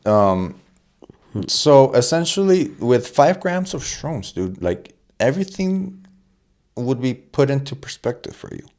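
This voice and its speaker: A man's voice: medium pitch, big pitch swings, measured pace, darkish tone. A young man hosting a casual podcast chat, rambling and joking with plenty of swearing and restarts. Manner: rambling, profane, jokey, with restarts. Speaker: podcast host.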